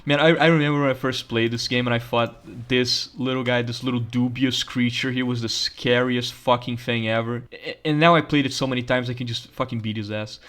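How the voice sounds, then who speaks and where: A man's voice: medium pitch, steady tone, a little fast, few pauses, fairly bright tone. Profane ranting man. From Brazil. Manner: profane, ranting, laughs often. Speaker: gaming channel host. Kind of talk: casual gameplay commentary.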